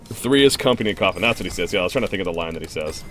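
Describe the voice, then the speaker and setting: A man's voice: sits low, very fast, faint music behind. A young man hosting a game stream, commenting on his own play and answering viewer questions in a chatty, rambling way. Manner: excitable, reacts loudly to plays, chatty and rambling. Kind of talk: live gameplay commentary and viewer Q&A.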